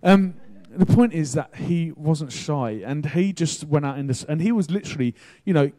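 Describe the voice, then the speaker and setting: A man preaching a sermon in a casual, chatty way, telling a story with excitable bursts. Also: fairly high pitch, moderate pace. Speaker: pastor.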